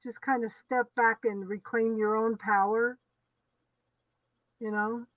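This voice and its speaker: Soft-spoken woman offering gentle advice. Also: fairly high pitch, little pitch movement, slow pace, dry recording, muffled recording. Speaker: guest tarot reader. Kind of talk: live tarot reading.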